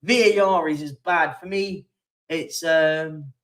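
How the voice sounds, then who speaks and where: A man's voice: fairly high pitch, slow pace, fairly bright tone, recorded from a distance. A man hosting a casual live stream, rambling through football stats and viewer comments with lots of fillers. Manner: rambling, chatty, reads out stats with many fillers. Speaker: livestream host.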